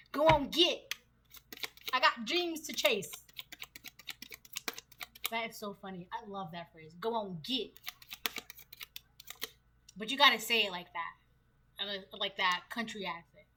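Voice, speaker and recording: A woman's voice: fairly high pitch, sharp tone, slight background noise. A woman giving a casual tarot reading, chatty and slangy, often laughing between points. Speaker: tarot reader.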